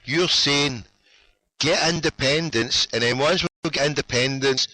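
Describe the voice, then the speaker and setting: A man's voice: medium pitch, unhurried, pushed and bright, dry recording, rough recording. A Scottish man hosting a radio show, arguing heatedly and cutting in again and again. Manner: insistent, keeps interrupting with "hold on"; swearing. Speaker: radio host. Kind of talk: heated debate.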